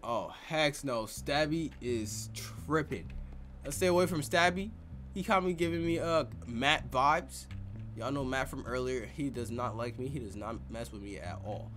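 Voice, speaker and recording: A man giving excitable, joking gameplay commentary full of slang. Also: medium pitch, a little slow, faint music behind. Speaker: gaming youtuber. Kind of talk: let's play commentary.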